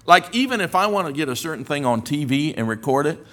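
An older man preaching a sermon, telling folksy stories with humor and rising to forceful emphasis on scripture. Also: on the high side, big pitch swings, quick pace. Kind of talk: sermon with storytelling.

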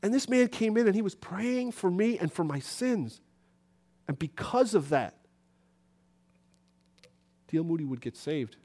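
A high-voiced man preaches a lively church sermon. He swings his voice up when he plays out little scenes of talking to people. His pitch sits well above most men's. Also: measured pace, pauses often. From New York City. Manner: animated, acts out conversations with rising pitch.

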